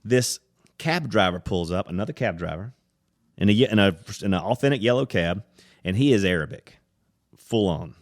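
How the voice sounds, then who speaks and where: A man from the United States, hosting a podcast and animatedly telling a travel story in casual chat. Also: normal speed. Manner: animated storyteller, acts out voices with loud high-pitched impressions. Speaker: podcast host.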